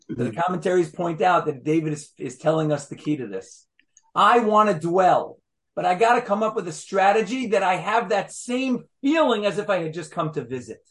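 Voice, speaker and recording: A man teaching an interactive Torah class, emphatic and animated, firing rhetorical questions at his students. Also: high voice, normal speed.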